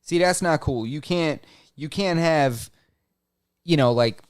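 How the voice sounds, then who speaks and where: A man's voice: a little high, takes it slowly, clear, resonant tone, no echo, clean studio sound. A man co-hosting a podcast, chatting casually in an opinionated, loose way with many restarts. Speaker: podcast co-host. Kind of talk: casual chat.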